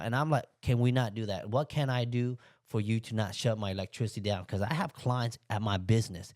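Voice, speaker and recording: A man hosting a podcast, casually telling a personal story and acting out his own thoughts with sudden jumps in pitch. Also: fairly quick, hardly any pauses, a little mellow, dry recording, studio quality. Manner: plain, conversational English with loose grammar. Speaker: podcast host. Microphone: podcast microphone.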